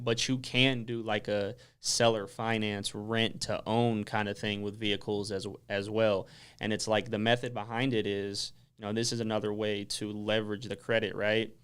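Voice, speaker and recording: A man with a low-pitched, smooth and clear voice, speaking as a guest on a radio talk show. He explains things in a relaxed, conversational way, peppered with "like" and "it's like". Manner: relaxed, explanatory, lots of "like" fillers. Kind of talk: casual radio interview.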